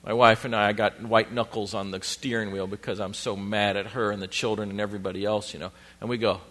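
A man's voice: lowish voice, a little fast. A middle-aged male pastor telling a funny story in a sermon, self-deprecating and playful, speaking to his congregation. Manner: animated, self-deprecating, acts out family scenes. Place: church congregation.

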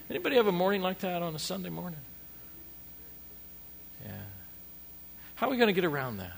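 Speaking to his church congregation, a middle-aged pastor shares a humorous sermon story at his own expense. His gravelly, medium-pitched voice stays animated and playful as he acts out scenes from his family life.

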